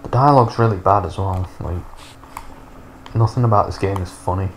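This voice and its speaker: Playing a video game, a thirtysomething male YouTuber keeps up a loose stream of sarcastic, profane, wandering remarks. He speaks in a low register at a moderate pace, with slight background noise behind him.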